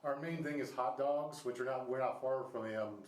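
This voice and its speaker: Speaking briskly at medium pitch, this thirty-something Ohio podcast host chats casually with his guest, rambling with frequent restarts and filler words. The recording is rough with a roomy sound.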